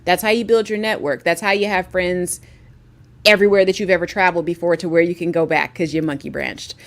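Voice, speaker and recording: On a video call for an informal livestreamed panel, a woman guest speaks fairly quickly in a lowish, steady voice. Her delivery is candid and emphatic, with many restarted sentences.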